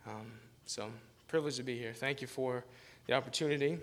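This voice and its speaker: A man's voice: mid-range voice, fairly quick, a bit bright. A man preaching as a guest pastor, telling a rambling, self-deprecating story in a casual manner and laughing often. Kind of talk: informal sermon with storytelling.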